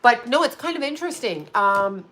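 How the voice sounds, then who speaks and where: Her voice is a little high, very animated and a bit bright, at normal speed. She is a fifties-aged psychic medium and astrologer hosting a casual livestream on her own channel, swearing bluntly and laughing a lot.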